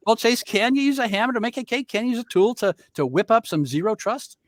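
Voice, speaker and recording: A man's voice: sits high, very animated, brisk, no room sound, clean studio sound. A man moderating an online panel, introducing guests with playful teasing jokes over a video call. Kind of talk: joking webinar moderation.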